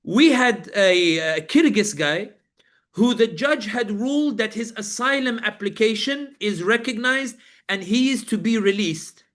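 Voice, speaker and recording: A man's voice: high-pitched, a little slow, a bit bright. A British man, a journalist, giving a personal account at a talk and vividly acting out the voices of the people in it. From Britain. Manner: vivid storytelling, acting out the voices of guards and inmates.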